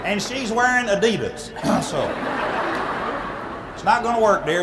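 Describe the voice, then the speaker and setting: A man retells a fairy tale for laughs in a folksy, playful manner, throwing in vocal sound effects. His voice sits very high for a man. Steady room noise runs underneath. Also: measured pace, long reverb tail, over a noisy crowd. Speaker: speaker at church ladies' night. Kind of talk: comic storytelling.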